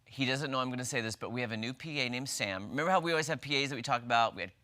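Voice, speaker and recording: A man's voice: mid-range voice, racing. A man co-hosting a morning news show, joking playfully with his co-anchor in the studio. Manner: playful, animated, jokey. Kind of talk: casual on-air banter.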